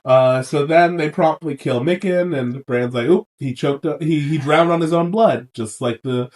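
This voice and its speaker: Sick, animated podcast co-host man. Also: on the high side, far from the mic. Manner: animated, swearing, acts out characters in quick silly voices. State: sick for days. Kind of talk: casual recap chat.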